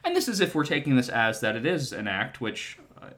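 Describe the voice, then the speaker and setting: A man's voice: medium pitch, big pitch swings, fairly quick, fairly bright tone. A man co-hosting a podcast, giving his opinions about a TV drama in a conversational way. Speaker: podcast co-host. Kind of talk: casual chat.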